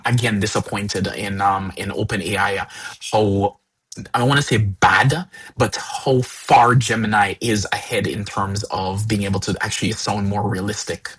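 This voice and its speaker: Husky-voiced man hosting a tech live stream. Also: lowish voice, poor audio. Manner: stammering, repeats words when excited. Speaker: host.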